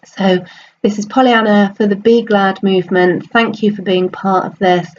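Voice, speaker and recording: An upbeat woman telling a story in a casual, chatty way, with ums and restarts along the way. Her voice sits at a middle pitch. The recording is slightly dull, with a faint hiss of noise behind her. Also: fairly even intonation, normal speed. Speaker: storyteller and host.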